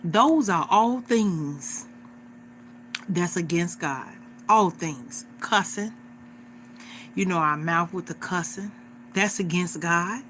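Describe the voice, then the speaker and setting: A woman in her forties talks straight to her livestream audience. Her delivery is earnest and insistent, and she comes back to the same points again and again as if preaching casually from home. Her voice sits at a middle pitch for a woman. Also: a bit bright, a little hiss or hum. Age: 40s. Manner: earnest, repetitive, exhorting. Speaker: livestream host.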